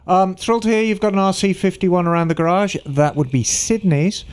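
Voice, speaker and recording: A man's voice: high voice, a little fast, smooth. A man co-hosting a motorcycle podcast, chatting casually and reading listener emails aloud with wry asides. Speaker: podcast co-host. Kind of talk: casual chat.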